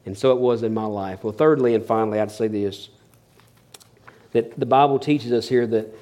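A man's voice: medium pitch, normal speed, dark tone. A man preaching a sermon, telling funny stories in a folksy way, chuckling often and stumbling over restarts. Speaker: pastor. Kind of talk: sermon with humorous storytelling.

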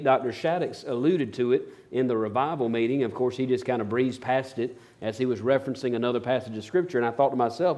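A man's voice: mid-range voice, warm tone. A man preaching a sermon, telling stories in a folksy, rambling way with fillers and restarts. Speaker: pastor.

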